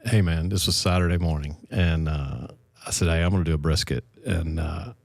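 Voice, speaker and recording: A middle-aged man, a podcast co-host, telling relaxed, folksy stories in casual chat. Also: very deep voice, fairly quick, creaky, no echo, clean studio sound. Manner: relaxed storyteller, folksy and self-deprecating.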